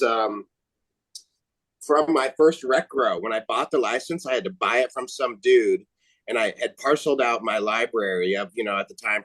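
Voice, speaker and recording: A man's voice: on the low side, dry recording, low-quality recording. Rambling male guest on a dry video call. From United States. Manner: rambling, relaxed storytelling. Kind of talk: casual chat on a video call.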